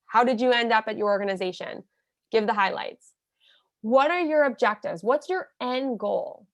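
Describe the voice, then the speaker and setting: A woman with a fairly high voice teaches nonprofits in an emphatic coaching tone. She acts out sample messages as she explains each step. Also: no echo, studio quality. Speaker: nonprofit consultant. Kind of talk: instructional talk.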